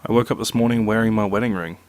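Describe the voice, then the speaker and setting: A man reading out short horror stories in a slow, measured narration. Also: lowish voice, steady tone, darkish tone, no room sound. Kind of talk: reading scary two-sentence stories.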